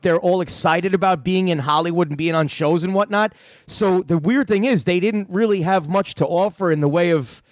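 A man with a notably high voice tells rambling, profane stories about his prank calls, full of restarts and asides. The recording is dry and close, with almost no room sound. He talks like a comedian chatting loosely with a fan on the radio. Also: no room sound. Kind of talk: casual radio chat.

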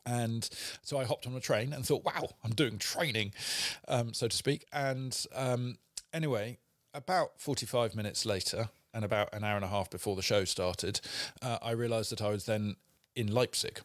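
A man's voice: medium pitch, moderate pace, dry recording. An English man co-hosting a studio podcast, telling rambling travel anecdotes with dry, self-deprecating humour. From England. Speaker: podcast co-host. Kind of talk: casual chat, storytelling. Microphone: studio microphone.

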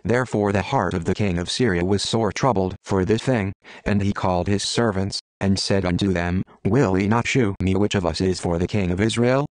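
Deep guy reading old-style scripture slow and solemn, dry mic. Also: darkish tone, no echo. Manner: measured, solemn King James reading. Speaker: Bible reader.

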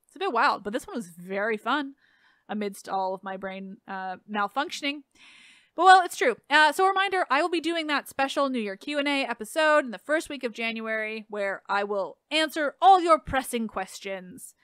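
High, smooth-voiced woman podcast host. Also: lively intonation, normal speed, a bit bright, no echo, clean studio sound. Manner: chatty, sarcastic, self-deprecating. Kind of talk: casual podcast outro.

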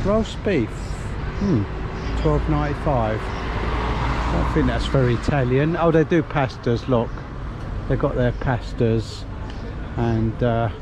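A man giving a chatty, upbeat walking tour outdoors, talking to viewers while he walks along a resort street with a camera. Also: medium pitch. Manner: chatty, upbeat, keeps addressing viewers as guys. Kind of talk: casual walking-tour commentary. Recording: clear street traffic noise behind.

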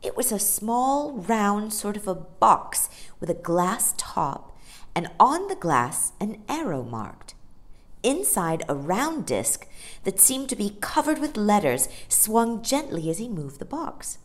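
A woman storyteller reading a children's book aloud in an expressive, dramatic way. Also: mid-range voice, slow pace. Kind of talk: scripted narration.

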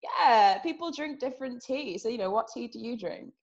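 A woman's voice: fairly high pitch, lively intonation, moderate pace, creaky, a little mellow. A young woman from England with a British accent, chatting as a podcast guest and laughing often between her sentences. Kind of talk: casual interview chat. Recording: muffled lo-fi audio.

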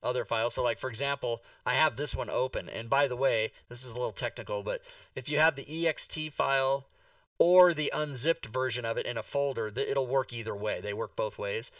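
A man's voice: medium pitch, brisk, a bit bright, no echo, recorded from a distance, dull audio. A man hosting a casual talk show livestream, exasperated and swearing, with many restarts.

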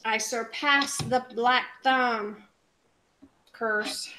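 A woman's voice: on the high side, fairly even intonation, extremely slow, background noise. A chatty woman from Puerto Rico hosting a casual live craft video, rambling and greeting viewers by name. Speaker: craft channel host.

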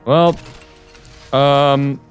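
A man's voice: medium pitch, steady tone, very slow, clean tone, faint music behind. A man chatting casually while playing, with dry, grumbling asides. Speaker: co-player. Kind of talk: casual gameplay chat. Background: game gunfire.

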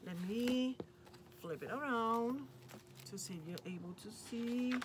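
Unhurried and fairly high-pitched, this woman from Puerto Rico unboxes crafting supplies on her channel and gushes over them with enthusiasm. Background noise is clearly audible.

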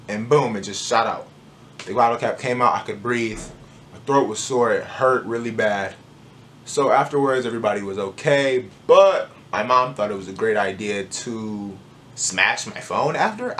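A man telling a personal story to camera in a casual, animated, joking way. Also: fairly low pitch, slight background noise. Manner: animated, joking, acts out moments. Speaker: vlogger.

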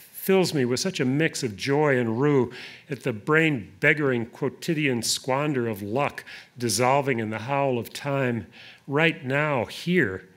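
A poet giving a live poetry reading, deliberate in the verse and hesitant in his asides. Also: mid-range voice, fairly bright tone.

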